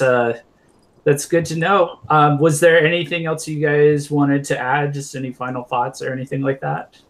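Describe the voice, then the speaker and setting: A man hosting a casual online show, relaxed and wrapping up with guests. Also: mid-range voice, a little hiss or hum. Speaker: show host.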